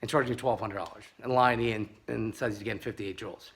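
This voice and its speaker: A man's voice: on the low side, fairly even intonation, fairly quick, a bit bright. A man who sells and tests pepperball guns, ranting angrily and with heavy swearing about a rival seller. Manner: angry, profane, sarcastic ranting. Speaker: pepperball gun seller and reviewer. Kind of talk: ranting while test firing.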